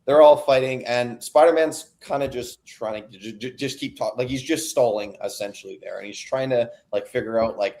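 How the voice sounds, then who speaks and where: A young man talks through a comic book issue for his podcast co-hosts. He rambles, fills gaps with "uh" and "like", and slips into quick voices for the characters. His voice sits in an ordinary middle pitch. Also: darkish tone. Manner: rambling, filler-heavy, acts out character lines. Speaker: podcast co-host. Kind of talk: casual comic book recap.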